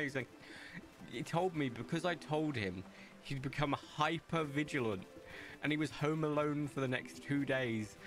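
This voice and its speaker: A man's voice: fairly high pitch, normal speed, a bit bright. Chatty young man streaming a game. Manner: chatty, rambling, storytelling asides. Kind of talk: casual gameplay commentary. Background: faint game music.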